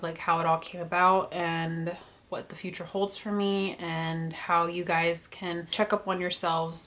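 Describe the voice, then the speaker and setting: A woman's voice: fairly low pitch, fairly bright tone. A woman in her early twenties telling a personal story to camera, candid and emotional, fighting back tears and using lots of "like". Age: early 20s. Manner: candid, emotional, many filler "like"s. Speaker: vlogger.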